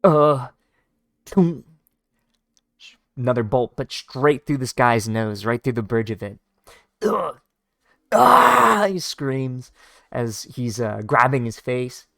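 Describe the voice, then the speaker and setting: A man casually reading a comic aloud, describing the panels in an informal, halting way with many fillers. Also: mid-range voice, dry recording, clean studio sound. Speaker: read-along narrator. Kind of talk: casual read-along of a comic.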